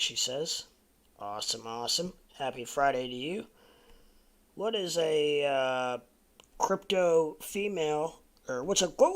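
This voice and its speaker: A man's voice: on the high side, measured pace. A man hosting a casual livestream chat, reading viewer comments aloud and laughing often. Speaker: livestream host.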